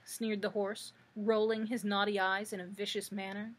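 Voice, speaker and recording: A woman librarian reading a children's book aloud with expressive storytelling. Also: medium pitch, moderate pace, hardly any pauses.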